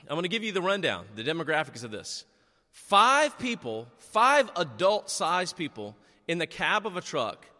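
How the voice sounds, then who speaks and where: A middle-aged man preaching a sermon, telling stories in an animated, chatty and self-deprecating way. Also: a little high. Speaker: pastor. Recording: long echo of a large hall.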